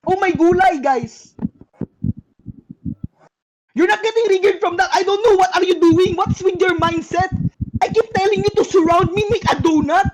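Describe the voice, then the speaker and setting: A woman's voice: very high-pitched, normal speed, pauses often. A young woman calling shots in game voice chat, repeating urgent commands with exasperation. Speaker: shotcaller.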